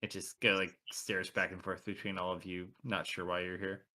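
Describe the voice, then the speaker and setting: A man running a tabletop game as game master, narrating in a relaxed, conversational way. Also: low voice, normal speed. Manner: relaxed, conversational, many "like" fillers.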